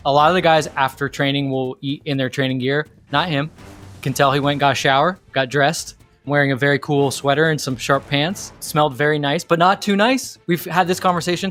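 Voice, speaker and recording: Lively, slightly high-voiced man telling a story. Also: a little fast, faint music behind. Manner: lively storyteller, full of "like" and restarts. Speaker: podcast co-host. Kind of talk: casual chat, telling a story.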